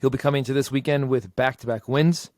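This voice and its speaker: A man hosting a podcast, introducing fights and reading fighter stats in a measured way. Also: medium pitch, steady tone, a little mellow, no room sound. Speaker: podcast host. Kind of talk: casual show segment host.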